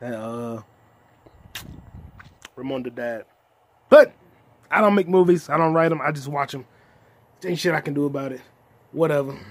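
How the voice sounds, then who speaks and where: A young man hosting a solo comedy podcast, ranting in loud, profane bursts with sudden shouts. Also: fairly high pitch, moderate pace, pauses often.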